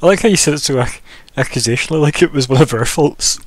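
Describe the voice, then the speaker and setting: A man's voice: fairly high pitch, quick pace, a crowd in the background. A man acting as game master, patiently explaining rules and thinking aloud in casual chat.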